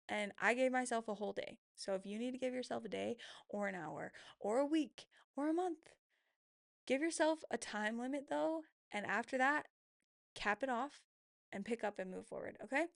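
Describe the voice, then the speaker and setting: A woman in her thirties, a vlogger, telling a personal story in an emotional, confessional way with quick asides. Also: on the high side, vocal fry, no room sound, studio quality.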